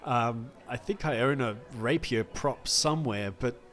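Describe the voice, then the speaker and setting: Dude doing a soft, hesitant stage girl, wistful, kinda slow. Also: medium pitch, lightly acted. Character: young woman performer, wistful and devoted to the city stage.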